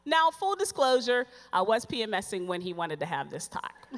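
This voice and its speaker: A woman performing stand-up comedy on stage, telling a story in an animated, sassy way and acting out the dialogue. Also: medium pitch, normal speed. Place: stage before a live audience.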